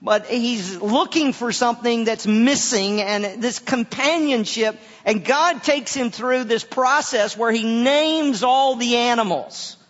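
Male pastor with a high voice, stumbling over repeats as he preaches, dull sound with a long hall echo. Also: a bit bright. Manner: halting, repeats words often. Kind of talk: sermon.

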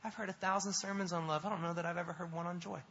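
A male pastor preaching a sermon, emphatic, building to animated repetitions. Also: high-pitched, rapid-fire, slightly rough. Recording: dull sound in a long-reverb hall.

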